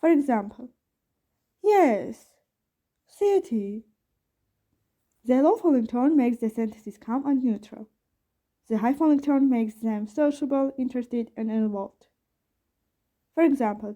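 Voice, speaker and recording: A young woman student from Armenia reads a lesson on intonation and demonstrates the tones. Her voice is high but soft and mellow. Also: normal speed. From Artsakh, Armenia. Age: young adult.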